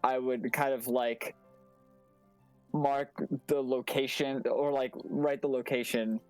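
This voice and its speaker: A man voicing his character in a tabletop game, halting and stammering as he talks. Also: medium pitch, fairly even intonation, a little mellow, soft background music. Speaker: player. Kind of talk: in-character tabletop role-play.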